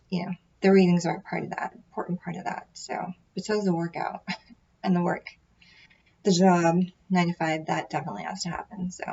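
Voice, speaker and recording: A woman's voice: on the low side, a little mellow, husky, dull audio. A woman tarot reader in casual chat, rambling and sometimes dropping into a whisper. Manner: rambling, drops into whispers at times.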